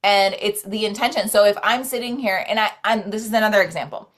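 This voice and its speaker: Woman guest on a chatty podcast, earnest and rambly, lots of likes, mid pitch. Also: fast talker, fairly bright tone. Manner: rambling, earnest, many "like"s and restarts. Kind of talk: casual conversation about self-care and spirituality.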